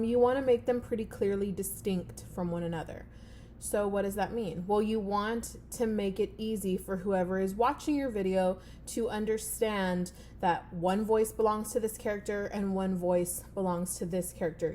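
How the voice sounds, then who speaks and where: A woman speaks in a loose, conversational teaching voice, pitched in an ordinary middle range. She talks straight to her students at home, encouraging them and pausing often on "um" as she explains. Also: a little mellow, a little hiss or hum. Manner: chatty and encouraging, with frequent "um" fillers. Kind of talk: casual video lesson to students at home.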